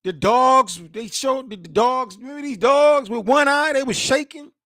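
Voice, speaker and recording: A man in his forties reacting to news clips as host, animated, emphatic and mocking, full of slang. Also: very high voice, moderate pace, no room sound, studio quality.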